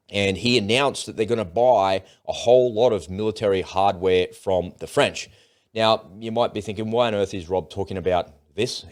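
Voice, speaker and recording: Low-voiced man hosting a talk show. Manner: chatty, rambling, with restarts. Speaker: host. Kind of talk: casual political commentary.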